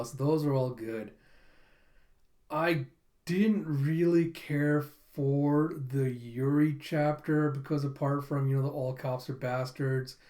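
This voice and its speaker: A man's voice: medium pitch, a little mellow. Chatty man recapping manga. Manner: chatty, rambling, with frequent fillers. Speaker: streamer. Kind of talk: casual manga recap commentary.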